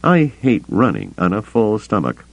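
A man voicing a gruff male smuggler in an audiobook, speaking in a raised, lively voice with some gravel. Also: lowish voice, a little slow, lo-fi sound, pitched above the performer's own voice, exaggerated voice. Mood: wary. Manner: terse, grumbling lines.

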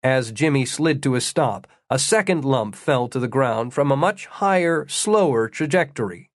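List: male audiobook narrator, measured, dry wit, mid-pitched voice, dry close-miked sound. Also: lively intonation, no echo. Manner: measured storytelling with dry humor.

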